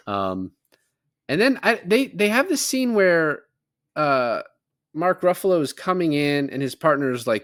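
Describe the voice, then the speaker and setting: A man's voice: fairly high pitch, big pitch swings, unhurried, a bit bright, no echo, studio quality. A man co-hosting a podcast, casually recapping a film and quoting its lines in a rambling way. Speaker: podcast co-host. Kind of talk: casual movie recap chat.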